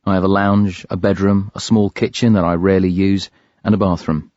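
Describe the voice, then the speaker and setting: Deep, grave male audiobook narrator. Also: little pitch movement, a little fast, a little mellow, no room sound. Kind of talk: first-person audiobook narration. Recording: dry, slightly dull studio recording.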